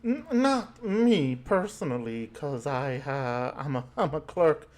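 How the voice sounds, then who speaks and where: Guy running a tabletop game, lots of ums and uhs, kinda higher voice. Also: expressive, darkish tone. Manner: halting, many fillers. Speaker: game master.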